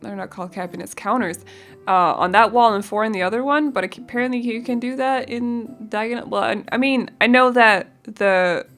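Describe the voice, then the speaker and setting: A woman's voice: a little high, brisk, fairly bright tone, soft background music. Giggly young woman chatting. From Denmark. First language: Danish. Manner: rambling and giggly, searching for words. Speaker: game builder. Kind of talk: casual voice-over chat.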